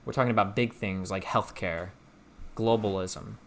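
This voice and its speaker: Young male streamer with a bright, forceful voice; animated, teasing, swears freely. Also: on the low side, normal speed, creaky, a little hiss or hum. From Omaha, Nebraska, US. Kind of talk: casual stream chat and storytelling.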